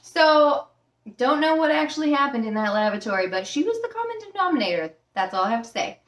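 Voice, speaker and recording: A woman's voice: sits high, very animated, fairly quick, fairly bright tone, far from the mic. A woman and former flight attendant telling stories at home in a chatty, casual way, full of fillers. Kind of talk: casual storytelling. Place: room at home with a fish tank. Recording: roomy sound from the mic.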